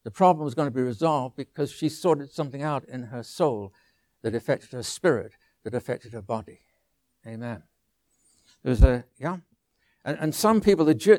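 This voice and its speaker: An older man preaching a sermon, telling a story with asides and restarts, sometimes dropping to a soft low voice. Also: no echo. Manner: anecdotal, with asides and restarts, drops to a soft low voice on quiet lines.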